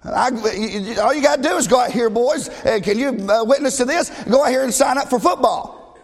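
A man's voice: very high voice, brisk, long reverb tail. A man preaching a sermon in an emphatic, conversational way, often asking the congregation questions.

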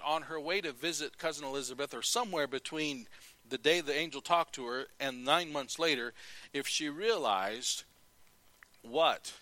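A man's voice: a little high, pushed and bright, no room sound, low-quality recording. A man preaching a sermon as pastor, telling stories, reading scripture aloud and asking rhetorical questions.

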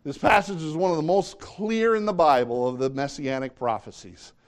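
A man preaching a sermon, reading scripture and acting out quotes, swinging between hushed and loud delivery. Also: on the high side, moderate pace.

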